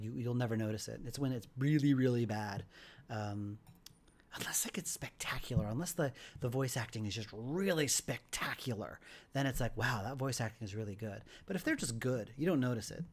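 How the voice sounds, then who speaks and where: A man chats casually and freely on a livestream as he edits audio. He pokes fun at himself and laughs a lot. His voice sits at an ordinary middle pitch. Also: lively intonation, brisk. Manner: chatty, self-mocking, laughs often. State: hiccuping. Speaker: game developer streaming his editing.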